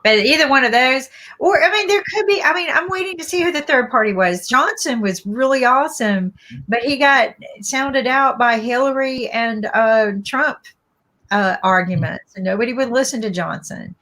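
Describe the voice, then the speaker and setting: A woman with a Southern US accent giving her opinions in a casual political chat, animated and quick to restart her sentences. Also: high voice.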